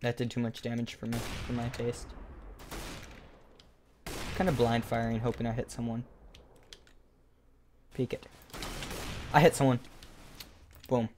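A young man giving live commentary over his own video game match, in a sarcastic and excitable play-by-play manner. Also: medium pitch, measured pace, pauses often, a little hiss or hum. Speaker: gaming YouTuber.

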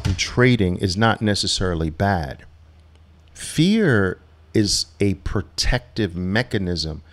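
Animated middle-aged man telling stories. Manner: animated, acts out quotes with sharp rises in pitch, laughs often. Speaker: trading educator hosting a live Q&A. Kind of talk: live Q&A, casual storytelling.

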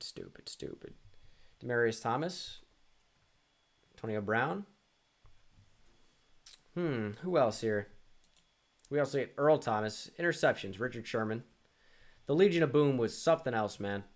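Animated yet unhurried, a young man with a medium-pitched voice thinks aloud during a sports quiz, leaving long pauses. The gaming YouTuber mutters, keeps restarting and makes fun of himself.

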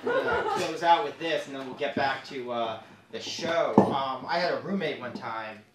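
A man doing a stand-up comedy set on stage, quick and jokey, breaking into silly put-on voices. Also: mid-range voice, wildly swooping pitch, very noisy. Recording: echoey hall, from a distance.

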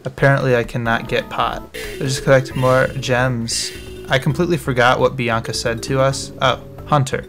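Young guy doing a let's play, excitable, reacts to everything, game music faint behind. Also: mid-range voice, normal speed. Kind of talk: casual gameplay commentary.

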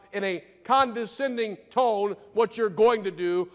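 Male pastor, high voice, sermon delivery in a long-reverb church, loud-to-hushed swings, rhetorical questions. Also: normal speed. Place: church sanctuary.

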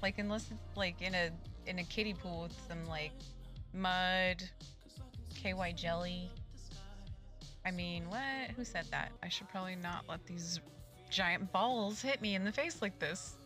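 A woman's voice: on the low side, unhurried, over music. A woman live-streaming a game, chatting casually and cracking crude jokes with frequent giggles. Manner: giggly, crude joking, laughs often. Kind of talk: casual live-stream chat while gaming.

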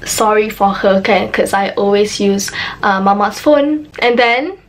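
A young woman with a Malaysian accent chatting excitedly to camera in a casual vlog, mixing English and Malay phrases. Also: mid-range voice, unhurried. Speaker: YouTuber.

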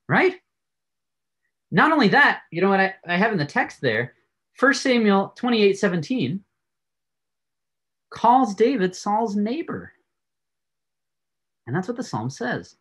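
A man giving a Bible class lecture, telling the stories in an animated way and often laughing. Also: high-pitched, slow pace, long pauses. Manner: animated storytelling, frequent laughs.

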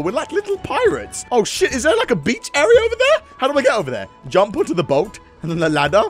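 A man giving excitable gameplay commentary, with loud yelps and sudden jumps between high and low. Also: fast, hardly any pauses. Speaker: gaming YouTuber. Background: game music.

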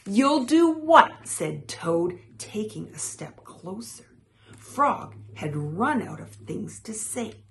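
Slow, expressive woman reading a story. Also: on the low side, a little hiss or hum. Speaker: storytime reader. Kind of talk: children's picture-book read-aloud.

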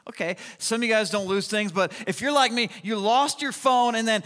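A man preaching a sermon, telling a personal story in an animated, chatty way with lots of fillers. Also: high voice, brisk, smooth. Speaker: pastor. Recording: long hall reverb.

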